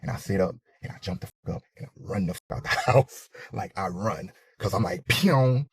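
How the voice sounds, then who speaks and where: A man's voice: deep voice, fairly even intonation, fairly quick, gravelly, breathy edge, no room sound. A man telling a personal story dramatically, swearing freely and acting out sounds and his own panic. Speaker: storyteller in a reacted clip.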